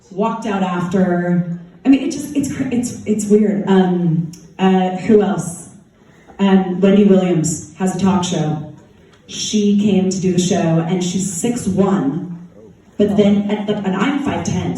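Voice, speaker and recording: A woman's voice: medium pitch, mellow. A former TV talk show host, a woman, telling chatty anecdotes with many "likes" in a festival Q&A, heard from a distant mic in a large hall. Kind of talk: festival Q&A storytelling.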